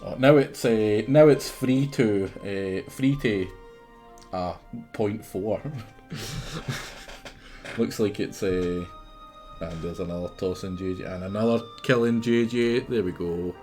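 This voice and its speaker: A man's voice: on the low side, slow pace, dark tone, soft background music. A Scottish man streaming a game live, chatting and teasing his viewers in a casual, chatty way.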